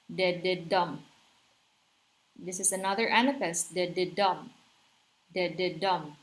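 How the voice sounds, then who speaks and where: A woman's voice: medium pitch, low-quality recording. A woman teaching literature in a patient, explanatory lecture, checking in with her listeners and tapping out rhythms aloud.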